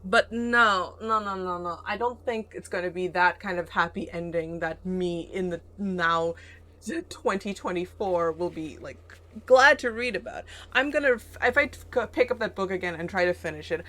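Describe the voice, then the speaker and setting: A woman's voice: fairly low pitch, normal speed, sharp tone. A young woman streaming a game, chatting and rambling, with frequent swearing. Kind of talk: let's play commentary.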